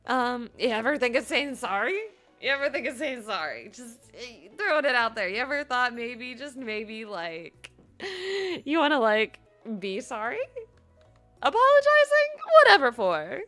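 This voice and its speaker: A woman game streamer chatting casually on a live stream, animated, laughing often and using playful slang. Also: on the high side, measured pace, soft background music.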